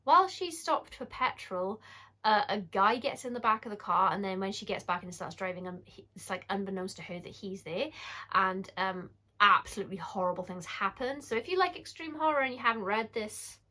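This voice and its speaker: A British woman in her forties talks through horror book picks in a chatty, candid way. Her voice sits at an ordinary middle pitch, and she wanders into asides and corrects herself as she goes. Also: brisk, sharp tone. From United Kingdom. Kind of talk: casual book-review vlog.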